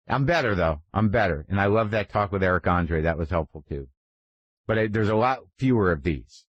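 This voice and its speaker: Man in his fifties, podcast host, rambling and profane, low-pitched voice, dry close sound. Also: expressive, fairly quick, dry recording. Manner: profane, rambling, self-deprecating. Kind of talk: casual monologue.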